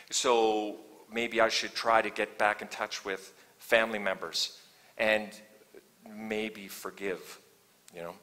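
Guy preaching in a church, bright voice, lots of hall echo, goes quiet then fired up. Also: mid-range voice. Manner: conversational preaching, swings from hushed to fervent. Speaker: guest pastor. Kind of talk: sermon. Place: church sanctuary. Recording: long church hall reverb.

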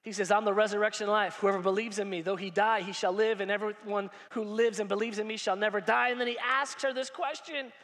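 A man preaching a lively sermon, acting out dialogue and rising to shouts. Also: high-pitched, a little fast, few pauses, big-room sound. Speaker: pastor. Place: large church hall.

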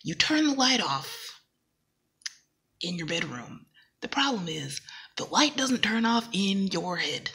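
A woman vlogger talking casually to camera, rambling and animated, now and then dropping into a whisper. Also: mid-range voice, takes it slowly, long pauses, breathy edge. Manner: rambling and animated, acting out quoted dialogue; drops into whispers at times.

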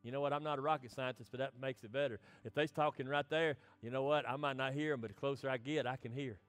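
A middle-aged man preaching a sermon as pastor, swinging between impassioned lines and soft, hushed ones. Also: medium pitch, steady tone, fast, soft background music.

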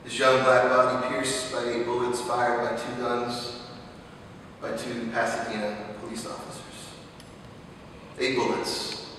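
A young man, a seminary student, preaching a dramatic sermon in a chapel, slow and impassioned, repeating his questions, swelling loud and then dropping to a hush. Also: medium pitch, completely flat delivery, noisy background. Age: young adult. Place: large chapel. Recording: echoey chapel, mic far off.

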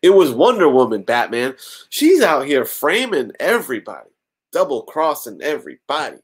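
A man voicing a scheming, manipulative young woman reporter in a raised falsetto, playing up fake hysterics. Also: very animated, moderate pace, husky. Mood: accusing.

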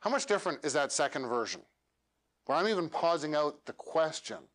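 A man coaching a meetup audience on pitches, animated and demonstrating lines with dramatic pauses. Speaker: speaker coaching elevator pitches. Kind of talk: workshop coaching talk. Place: meetup room.

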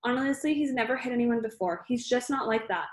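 A woman's voice: fairly high pitch, a little fast, echoey room, close to an everyday voice. A woman reading the lines of a mother who is upset and flustered.

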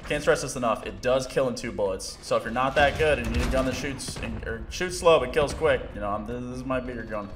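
A man casually commentating his own gameplay, excitable, laughing often and swearing, with game audio playing behind him. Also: medium pitch, fast talker, hardly any pauses, background noise. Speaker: gaming YouTuber. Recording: game music and gunfire behind.

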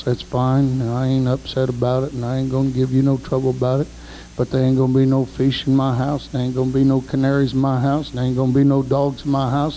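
A man preaching a sermon, telling folksy stories and shouting praise. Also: mid-range voice, a little hiss or hum, poor audio.

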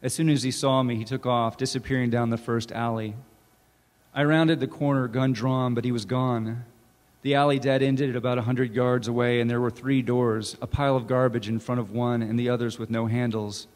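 A man, an author, reading his own fiction aloud in a measured, deliberate way at a campus event. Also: medium pitch, steady tone, darkish tone. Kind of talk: literary reading. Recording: reverberant hall.

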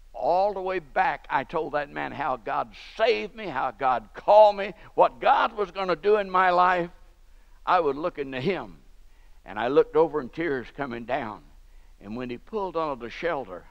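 A man's voice: on the high side, vocal fry, fairly bright tone. An older man preaching a sermon in a church, telling stories with fervent emphasis. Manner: fervent storytelling preacher, rising to emphatic peaks. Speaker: pastor. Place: church sanctuary. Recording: dull lo-fi church recording with long reverb.

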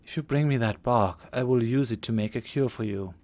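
A man's voice: mid-range voice, fairly quick, a little mellow, natural voice. A man voicing a young female temple priestess in a role-playing game, polite and distant.

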